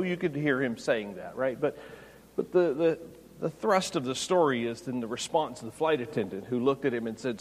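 A man preaching an expository sermon, rising to loud, emphatic peaks. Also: medium pitch. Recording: long hall reverb.

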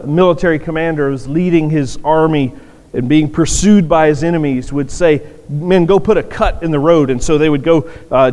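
A man's voice: fairly high pitch, darkish tone. A man preaching a sermon in an earnest way, often repeating words for emphasis, in a church sanctuary. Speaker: pastor. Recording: long reverb of a large hall.

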